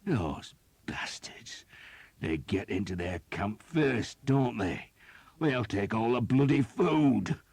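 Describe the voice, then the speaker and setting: A man's voice: lowish voice, lively intonation, slow, creaky, darkish tone, breathy edge, no room sound, pitched above the performer's own voice, exaggerated voice. A male audiobook narrator voicing a grizzled, hot-tempered archer captain who bellows orders and mutters curses. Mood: bitter. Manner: bellowing then muttering, blunt and profane.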